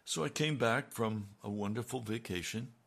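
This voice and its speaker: A man's voice: on the low side, normal speed, gravelly, a bit bright. An older man preaching a sermon in an earnest, emphatic way, rising on key phrases.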